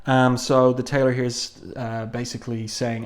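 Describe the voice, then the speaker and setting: A man's voice: mid-range voice, flat delivery, normal speed, hardly any pauses. A man giving a casual, enthusiastic comic book review, talking conversationally with frequent ums.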